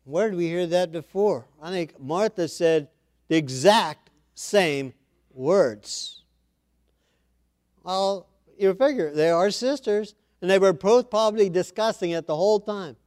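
A man's voice: sits high, a little slow, a little mellow, no room sound, clean studio sound. A man preaching an informal Bible-study sermon, reading scripture aloud and then commenting in a chatty way with asides.

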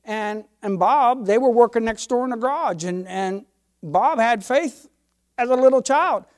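A man's voice: very high voice, unhurried. An older man, a pastor, preaching a sermon with emphatic, folksy delivery and homespun stories.

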